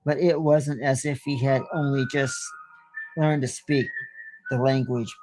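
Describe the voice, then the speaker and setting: A man hosting a show and telling a horror story slowly and deliberately, with small stumbles now and then, into a close studio mic. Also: medium pitch, steady tone, darkish tone, faint music behind. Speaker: host and storyteller.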